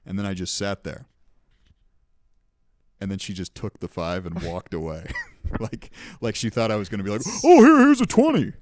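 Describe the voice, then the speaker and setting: A man's voice: deep voice, moderate pace, pauses often, no echo, clean studio sound. A young man hosting a podcast, telling rambling, profane anecdotes in casual chat. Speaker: podcast host.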